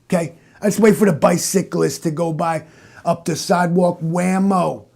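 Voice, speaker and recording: Man doing a loudmouth bully cop, cocky and needling, gravelly and dark-toned, for a comedy audio drama. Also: high-pitched, fairly even intonation, normal speed. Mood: bragging. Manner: cocky and bullying, jabs with "Doc". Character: brash, loud tough-guy cop man.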